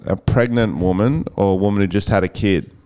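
A man's voice: lowish voice, brisk, mellow, clear, resonant tone. A man co-hosting a casual comedy podcast, joking and teasing with frequent laughter. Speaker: podcast co-host.

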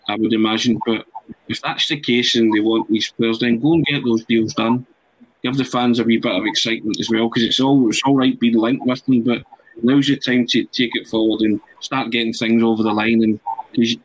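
A man's voice: medium pitch, low-quality recording. A man hosting a casual football podcast, talking to his co-hosts by name. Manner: conversational, addresses co-hosts by name. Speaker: podcast host.

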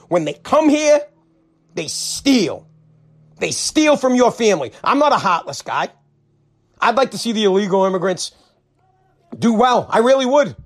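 An American man hosting a podcast, delivering a heated, profane, combative rant on his own. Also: extremely high pitch. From United States. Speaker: podcast host.

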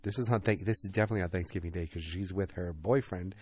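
A man's voice: sits low, fast, a little mellow, husky. A man casually recapping a TV episode, rambling and correcting himself often, with plenty of ums and uhs. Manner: rambling, self-correcting, many fillers.

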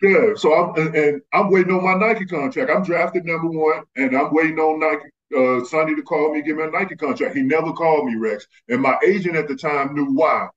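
A man from Texas, a former basketball player, telling animated stories as a podcast guest and acting out the people he quotes. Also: fairly high pitch, a little fast, few pauses. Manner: animated, acts out quoted voices. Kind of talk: casual storytelling. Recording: slightly muffled lo-fi audio.

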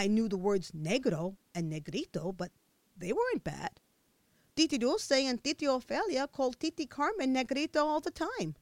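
A woman narrating a first-person memoir as an expressive audiobook reader with a childlike viewpoint. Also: a little high, no echo.

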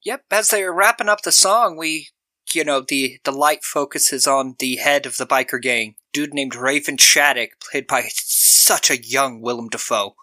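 A man's voice: mid-range voice, unhurried, sharp tone, dry recording. A man co-hosting a podcast, casually recapping a film scene by scene, laughing often and acting out lines from the movie. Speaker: podcast co-host.

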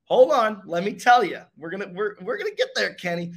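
A young racing driver tells his story in a casual interview, his voice sitting high and expressive. He speaks with energy and uses dramatic pauses.

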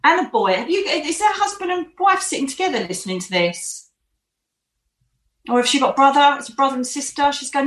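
A woman works through a psychic reading in a loose, rambling flow, reassuring and emotional by turns. Her voice sits a little high. The recording has a roomy echo around it. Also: animated, fairly quick, fairly bright tone. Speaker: psychic medium.

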